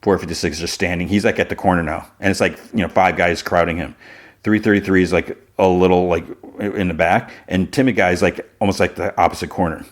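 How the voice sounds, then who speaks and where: A man's voice: sits low, fairly even intonation, fast talker. A man hosting a podcast, retelling a TV episode in casual talk full of "like" fillers. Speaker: podcast host.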